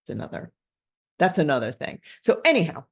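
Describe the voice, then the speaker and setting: A woman's voice: deep voice, huge pitch swings, brisk, breathy edge. A woman talking candidly and informally on a podcast, in a loose, unpolished monologue with restarts. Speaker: podcast guest speaker.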